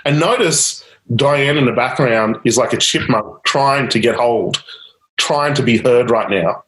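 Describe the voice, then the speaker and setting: A man's voice: medium pitch, unhurried, fairly bright tone, echoey room, poor audio. A man leading a live coaching demonstration, guiding a client with repeated prompts and light laughter. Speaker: change-technique coach.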